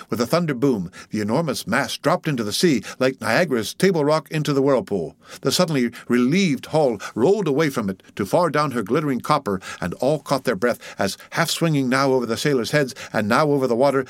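A man with a mid-range voice reads a classic novel as an audiobook, measured and dramatic in his storytelling. The recording is dry.

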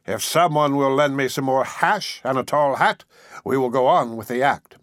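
A man's voice: mid-range voice, normal speed, fairly bright tone, no room sound, clean studio sound, natural voice. A man voicing a drunk young man who talks in a pompous, mock-formal way. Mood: tipsy pompous.

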